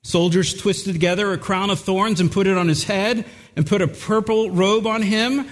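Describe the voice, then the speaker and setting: A man's voice: high voice, fairly even intonation, normal speed, in a large hall. A male pastor preaching an earnest, emphatic sermon and repeating words for stress.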